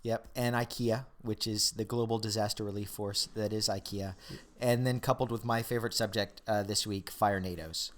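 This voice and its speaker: A man's voice: on the low side, steady tone, moderate pace, few pauses. A man co-hosting a podcast in casual chat, joking and enthusiastic, rambling with restarts. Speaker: podcast co-host.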